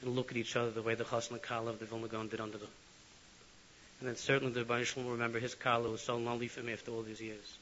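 Fast, bright-voiced man preaching. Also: medium pitch. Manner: animated, swinging from loud to hushed. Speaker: religious speaker. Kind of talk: sermon with dramatic storytelling. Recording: lo-fi with faint hiss.

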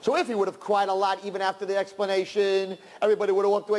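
A man, a rabbi, giving an animated sermon to young people, sprinkling in Yiddish and Hebrew terms and swinging between loud and hushed. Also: high voice, racing, in a large hall.

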